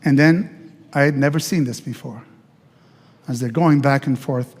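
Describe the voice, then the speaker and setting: An older man, a pastor, tells the story of his life in an animated way, with restarts and acted-out quotes. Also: mid-range voice, a little slow, pauses often, long reverb tail. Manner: animated, acts out quoted voices, many restarts. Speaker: pastor giving his testimony. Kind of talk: personal testimony storytelling. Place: church.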